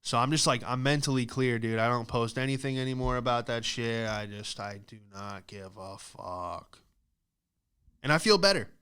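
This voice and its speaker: A man's voice: medium pitch, moderate pace, a bit bright, clean tone. A man, a stand-up comedian hosting a podcast, ranting casually with a lot of swearing and "dude" and "like".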